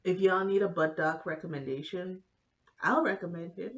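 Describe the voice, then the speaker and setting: A woman telling a comedic, profane story in an animated vlog style. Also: lowish voice, normal speed, dull audio. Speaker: vlogger.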